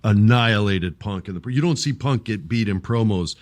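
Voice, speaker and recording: Low-voiced man in casual wrestling chat. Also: normal speed, dry recording. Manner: animated, acts out wrestlers' lines, swears. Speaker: podcast host.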